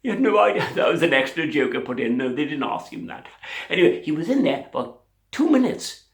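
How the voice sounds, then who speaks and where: A man's voice: on the high side, a little fast, gravelly, reverberant. Rambling man telling a joke. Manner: rambling, animated, puts on character voices. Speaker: comedian. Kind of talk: stand-up joke telling to camera.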